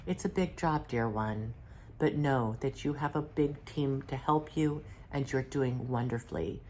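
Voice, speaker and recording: A woman relaying the words of a gentle male reptilian alien guide in her own low voice, speaking in a warm and reassuring way. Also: measured pace, a little hiss or hum.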